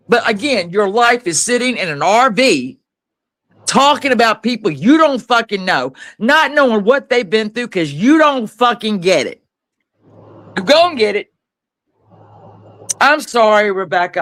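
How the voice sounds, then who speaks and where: A man's voice: high voice, fairly bright tone. A man hosting a live stream discussion, impassioned, grieving and swearing freely.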